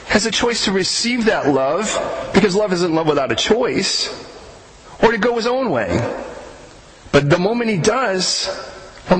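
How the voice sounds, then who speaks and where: A man preaching a casual, conversational sermon, animated and joking, sometimes tripping over repeated words. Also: high voice. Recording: roomy echo with faint hiss.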